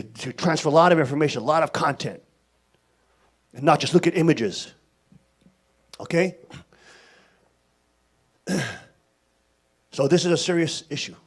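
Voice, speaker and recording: A male pastor delivering a sermon in an emphatic, scolding and animated way. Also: medium pitch.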